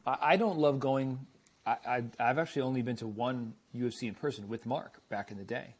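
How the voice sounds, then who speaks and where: A man's voice: mid-range voice, fairly quick, slightly rough. A man hosting a casual talk show, introducing his co-hosts in an upbeat style. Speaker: podcast host. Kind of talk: casual chat.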